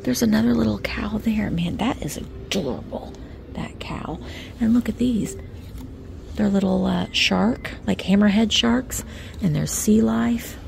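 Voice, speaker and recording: Woman, Midwestern accent, vlogger, gravelly, unhurried, whispery gushing, faint hum behind. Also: medium pitch, a little mellow. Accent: American Midwest. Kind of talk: casual shopping vlog commentary. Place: indoor antique mall.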